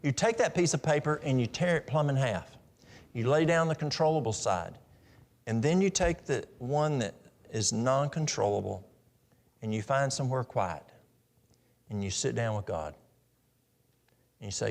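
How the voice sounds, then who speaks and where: A man's voice: mid-range voice, lively intonation, moderate pace, creaky, pauses often. A middle-aged man giving a practical, story-filled health talk at a church in a folksy manner. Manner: folksy, practical, tells stories.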